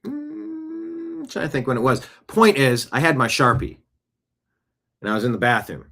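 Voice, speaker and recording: A man's voice: medium pitch, moderate pace, creaky. Chatty male show host telling stories. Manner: chatty, animated storyteller. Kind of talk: casual storytelling monologue.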